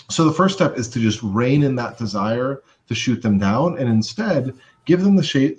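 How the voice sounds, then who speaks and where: A man's voice: fairly low pitch, dull audio. A man teaching social skills in a live webinar, casual and conversational with many fillers.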